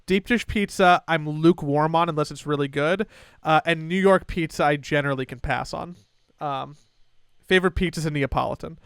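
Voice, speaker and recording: A young man with a fairly high, smooth and resonant voice tells a story on a podcast. He chats casually and animatedly, slipping into the voices of the people in his tale. The sound is close and dry, with no room around it. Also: a little fast, dry recording. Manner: animated, acts out family members' voices. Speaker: podcast co-host.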